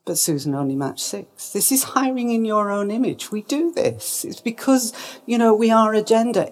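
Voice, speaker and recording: A woman giving a presentation talk, emphatic and lively, putting questions to her audience. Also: lowish voice. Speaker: speaker.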